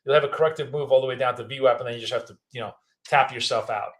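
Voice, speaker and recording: A man's voice: medium pitch, steady tone, racing, fairly bright tone. A man in his fifties or older with a Russian accent, a native Russian speaker, giving casual, rambling live trading commentary. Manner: casual, rambling, thinking aloud. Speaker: trading educator.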